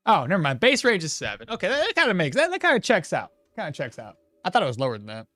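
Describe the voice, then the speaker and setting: Animated streamer, lively swinging pitch. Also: fast talker, no echo. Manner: animated, laughing, trailing off and restarting mid-sentence. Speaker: game streamer. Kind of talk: casual live gameplay commentary.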